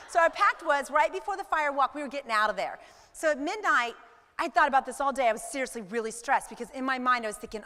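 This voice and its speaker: A woman in her forties giving a motivational talk to a live audience, telling stories in an animated way and acting out her own thoughts. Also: sits high, fast talker, big-room sound. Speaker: business speaker.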